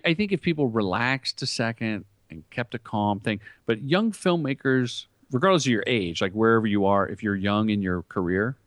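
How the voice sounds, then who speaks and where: A man's voice: lowish voice, no room sound. A middle-aged man, a commercial director and comedian, telling anecdotes in an interview and acting out quoted lines. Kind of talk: storytelling interview talk.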